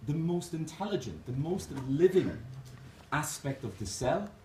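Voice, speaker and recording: A man giving a motivational conference keynote, animated and jokey, speaking straight to the crowd. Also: on the high side, measured pace. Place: conference hall. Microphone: distant camera mic. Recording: echoey hall, distant mic, noisy room.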